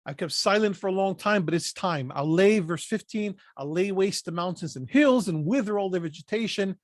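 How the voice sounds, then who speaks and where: A man's voice: high-pitched, normal speed, dry recording, studio quality. A man leading a Bible study, reading scripture aloud and breaking in with short emphatic asides. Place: lives in Pennsylvania.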